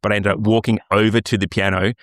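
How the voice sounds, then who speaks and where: Very deep-voiced Australian man, easygoing. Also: little pitch movement, fast, a bit bright, no room sound, studio quality. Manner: easygoing, self-mocking storyteller. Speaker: podcast co-host. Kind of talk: casual chat.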